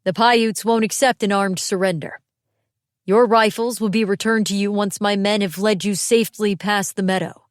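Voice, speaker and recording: A woman voicing a smooth, calculating male militia general in an audiobook, speaking in a measured, coolly persuasive, folksy way. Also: mid-range voice, steady tone, no room sound, studio quality, close to an everyday voice. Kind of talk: audiobook character reading.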